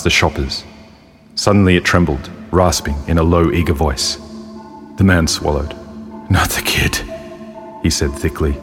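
A man reading a short story aloud in a measured storytelling delivery as a podcast narrator. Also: very deep voice. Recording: long hall reverb with soft music.

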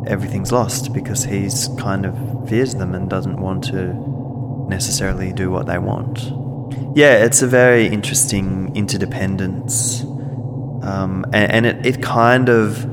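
A man's voice: deep voice, heavy background noise. A man co-hosting a casual discussion, thoughtful and often restarting as he searches for words. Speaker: podcast co-host.

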